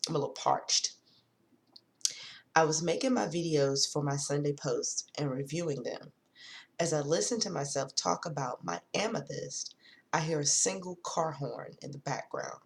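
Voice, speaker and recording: A woman's voice: low-pitched, vocal fry. A woman talking casually to viewers in a spiritual vlog, reading from her notes, often drifting off topic and apologizing. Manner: reads notes slowly, rereads long sentences. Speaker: spiritual vlogger.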